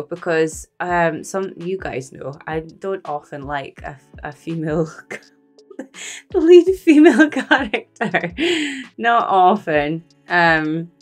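Chatty woman reacting to a film. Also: on the low side. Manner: chatty, exclaims and laughs at the screen. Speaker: movie reaction vlogger. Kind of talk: casual reaction commentary.

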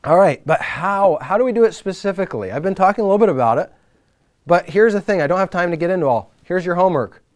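A fast-talking man with a high voice speaks to a live group at a faith retreat, spinning stories with animated informality. His volume shifts from loud to hushed, and he frequently starts sentences over.

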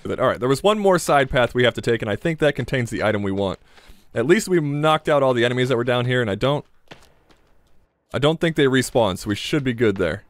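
A young man giving joking, excitable commentary while playing a survival horror game, talking to his viewers and swearing when startled. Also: mid-range voice, a little fast, dry recording. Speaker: gaming channel host.

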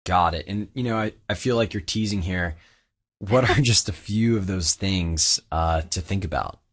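Guy hosting an interview, really deep voice, easygoing and keen. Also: normal speed. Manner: casual, enthusiastic questioner. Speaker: interview host. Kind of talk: conversational interview.

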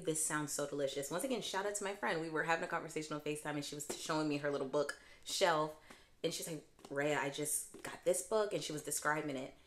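A young woman chatting casually as a book vlogger, gushing and expressive, with dramatic swings in pitch and volume. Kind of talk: casual chat.

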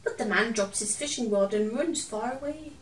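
A woman reading a picture book aloud to children, gentle and expressive, chatting now and then to a toy companion. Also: a little high, normal speed, far from the mic, faint music behind. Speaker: children's storyteller. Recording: roomy echo, from off the mic.

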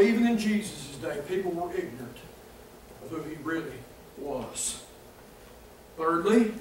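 Man, preacher, high bright voice, folksy, emphatic, distant mic, echoey church. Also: slight background noise. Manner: folksy, emphatic, bursts of shouting. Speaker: pastor. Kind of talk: sermon.

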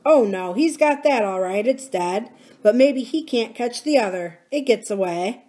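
A woman voicing a sly, manipulative boy who talks in a low, secretive, taunting way during a book reading. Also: expressive, a little slow, mellow.

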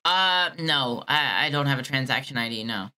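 A woman's voice: very deep voice, animated, normal speed, sharp tone. A woman baiting a phone scammer, sarcastic and teasing while she plays dumb. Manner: sarcastic, teasing, mock-naive. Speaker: scam baiter. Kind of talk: prank call with a scammer.

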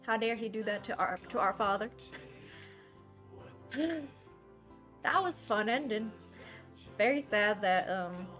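Excitable game streamer, fake accent, music underneath, woman. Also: mid-range voice. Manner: put-on bad accent, excitable and chatty. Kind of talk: live game commentary.

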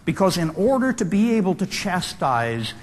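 A man's voice: high voice, sing-song, moderate pace. Man telling a story from a lecture stage. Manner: vivid, acts out the quoted crew voices. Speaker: speaker. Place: large hall before an audience. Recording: long hall reverb, faint room noise.

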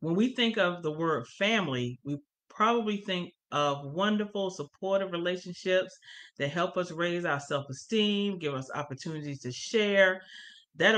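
A woman's voice: sits low, fairly bright tone. A woman co-teaching a church family course. She reads passages from the course material aloud and then explains them, stressing the key points.

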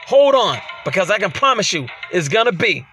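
A man hosting a gaming channel, giving excited let's-play commentary while trash-talking his opponent and yelling out exclamations. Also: high voice, brisk, soft background music. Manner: loud trash-talking, frequent shouted exclamations.

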